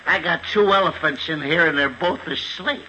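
A man's voice: on the high side, normal speed, natural voice. A man voicing a woozy, drunk hotel guest who slurs and stammers, on a very noisy old radio recording. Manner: slurring, stammering.

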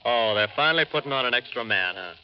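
A man's voice: mid-range voice, lively intonation, lightly acted. An actor playing a hot-tempered male crook who accuses and threatens, in 1940s radio acting style. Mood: wary. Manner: shouting, accusing, fast and volatile. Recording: dull lo-fi old radio broadcast.

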